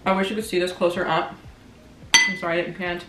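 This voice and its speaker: Casual vlogger, woman in her twenties, lower register, candid and chatty, eating on mic in a roomy space with faint dish clatter. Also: flat delivery, quick pace, fairly bright tone, slight background noise. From Canada. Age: 20s. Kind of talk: casual chat. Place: home room, dining at table. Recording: echoey room with faint kitchen clatter.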